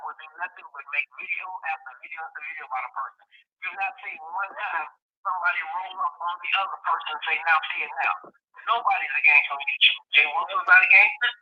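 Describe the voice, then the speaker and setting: A man calling into a live stream, earnest and insistent, repeating his points over a muffled phone line. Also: high voice. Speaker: caller. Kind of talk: casual call-in talk. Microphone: phone held close.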